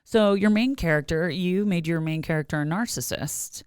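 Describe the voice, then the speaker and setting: Woman, podcast host, very low voice, smooth, encouraging, dry close mic. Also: normal speed, darkish tone, no room sound. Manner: encouraging, trained voiceover delivery. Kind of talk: casual interview chat.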